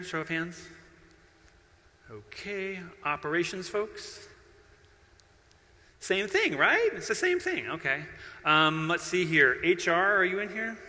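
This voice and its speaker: In a large conference hall with long reverb, a middle-aged keynote speaker gives a playful, self-deprecating talk and banters with the audience. His voice is a little high, pushed, and bright.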